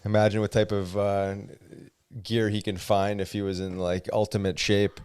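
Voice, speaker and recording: An easygoing male podcast co-host who chats loosely and laughs along with the stories. His voice is lowish and smooth, recorded dry and close. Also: little pitch movement, moderate pace, darkish tone, dry recording, faint music behind. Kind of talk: casual chat.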